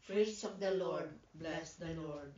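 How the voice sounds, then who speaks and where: A man reciting prayer responses in a slow, measured way. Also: on the high side, darkish tone. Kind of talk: liturgical recitation. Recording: echoey, dull room sound.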